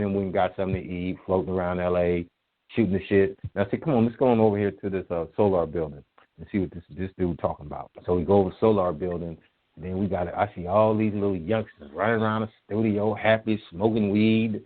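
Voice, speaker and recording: A man with a low voice tells old music-business stories as a guest. He talks in a casual, profane, animated way and acts out what people said. He comes through a thin, tinny phone line. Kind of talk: casual storytelling interview.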